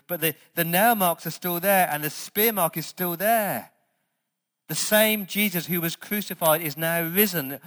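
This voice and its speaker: Emphatic preaching man, fairly high voice. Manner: emphatic preaching, swings between loud stresses and quiet asides. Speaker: pastor. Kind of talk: sermon.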